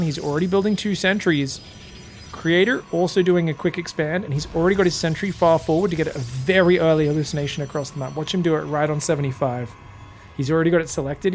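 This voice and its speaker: A man casting a live strategy game match with excitable, casual play-by-play that swings between hype and relaxed chat with viewers. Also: on the high side. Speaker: esports caster.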